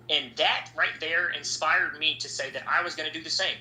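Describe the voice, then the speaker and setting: A young man with a very bright, forceful, slightly high voice rambles on a podcast and swears freely. He is recorded in a roomy, echoey space with a faint hiss behind him. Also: normal speed, few pauses. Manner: profane, rambling, animated. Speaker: podcast host. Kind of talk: casual podcast chat. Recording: echoey room, faint background noise.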